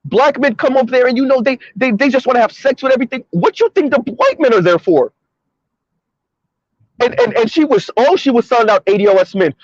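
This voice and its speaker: High-voiced man, sarcastic and emphatic. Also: very animated, brisk, no room sound. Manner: emphatic, sarcastic, repeats points. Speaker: commentary vlogger. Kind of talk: opinionated commentary monologue. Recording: dull lo-fi recording.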